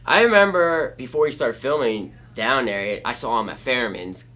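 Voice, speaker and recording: Casting note: a male storyteller from Pennsylvania with a bright, lively voice. He is animated and jumps into other people's voices mid-story. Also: mid-range voice, normal speed. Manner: animated, acts out voices in his stories. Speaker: guest, former pro skateboarder. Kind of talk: casual storytelling. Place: skate shop.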